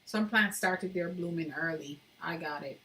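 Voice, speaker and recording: A woman carves at home during a casual live stream, talking with her audience, reading comments out loud and laughing often. She has a deep, sharp-toned voice and speaks at normal speed.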